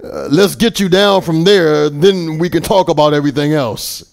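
A man voicing God in a sermon story, speaking gently, patiently and reassuringly, pitched above his usual voice. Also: moderate pace, vocal fry.

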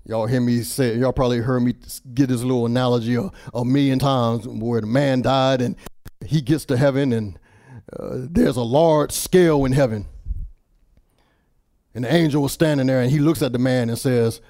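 A man preaching a sermon with passion, repeating words and swinging from hushed storytelling to shouted declarations. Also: medium pitch, fairly even intonation, normal speed, dry recording, clean studio sound.

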